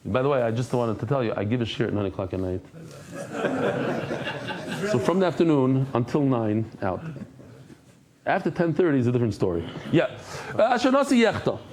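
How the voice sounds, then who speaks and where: A man's voice: medium pitch, fairly quick, pauses often, a crowd in the background. A man teaching a Talmud class, telling stories with acted-out voices and Hebrew and Yiddish terms. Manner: animated storytelling, acts out characters, mixes Hebrew and Yiddish terms. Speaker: Daf Yomi teacher.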